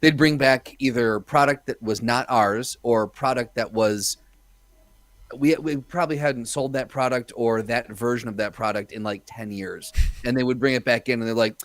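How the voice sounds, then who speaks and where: A man's voice: medium pitch, normal speed, dry recording. A man on a podcast telling a wry anecdote in a casual, easygoing way. His voice sits in a middle register. The mic is close and the sound is dry, with no room around it. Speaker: podcast co-host or guest.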